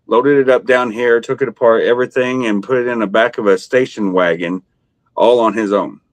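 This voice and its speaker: A man's voice: medium pitch, fairly quick, no room sound. A man hosting a live stream in casual chat, rambling with many fillers. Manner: rambling, with frequent fillers and restarts.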